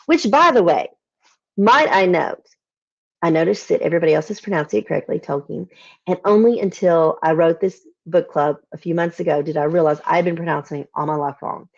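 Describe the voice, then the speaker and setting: A woman with a Southern American accent, teaching a poetry lesson online, explaining patiently and reading verses slowly. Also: on the low side, gravelly, highs cut off. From Southern United States. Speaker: literature teacher. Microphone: video call.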